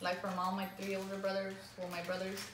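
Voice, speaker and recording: A woman's voice: mid-range voice, monotone, fast talker. A woman casually chatting alongside a friend, adding short comments to the story. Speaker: co-host friend. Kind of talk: casual chat. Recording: echoey room with clear noise.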